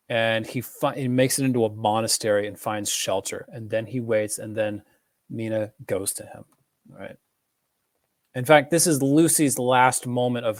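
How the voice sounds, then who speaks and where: A man's voice: medium pitch, a little mellow, no room sound. Rambling man with a dry, close sound. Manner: rambling, many fillers and restarts. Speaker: film commentator. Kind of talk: casual film analysis talk.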